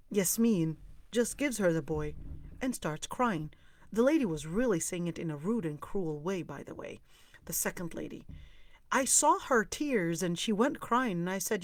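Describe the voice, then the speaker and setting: A woman's voice: mid-range voice, moderate pace, dry recording. A woman teaching a class tells a story with energy and plays each person in it. Her voice sits in a middle register. The recording is dry and close. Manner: lively storyteller, acts out quoted dialogue. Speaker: Islamic teacher leading an online class. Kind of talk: storytelling lesson.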